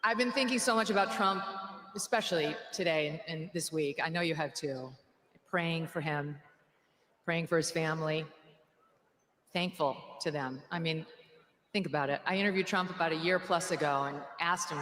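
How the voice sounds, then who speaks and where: At a political rally, a woman gives a speech full of jokes and sarcastic mockery. Her voice is low-pitched with a fairly bright tone and a moderate pace, and the arena echoes with faint crowd noise.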